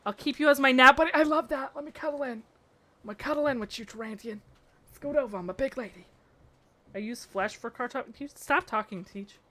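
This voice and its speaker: A young woman live-streaming, chatting casually with her chat in a bubbly, slangy way that bursts into excited shouts. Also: sits high, quick pace.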